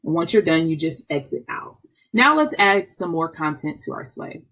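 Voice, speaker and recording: A woman, an instructional technology trainer, walking through software step by step in a patient, explaining way with small restarts. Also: low voice, very animated, moderate pace. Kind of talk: screen-recorded software tutorial.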